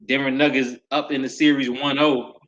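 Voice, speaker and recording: A man hosting a nightly sports talk podcast, ranting loudly with repeated lines and sudden shouts. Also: medium pitch, flat delivery, moderate pace, highs cut off. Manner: loud, repetitive hype with sudden shouts.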